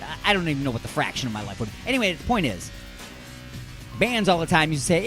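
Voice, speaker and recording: A man from the Detroit suburbs, hosting a radio show in a loud, rambling, ranting way. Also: fairly high pitch, sing-song, fast talker, faint music behind. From Detroit suburbs, Michigan. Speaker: radio host. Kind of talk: rambling comic radio talk.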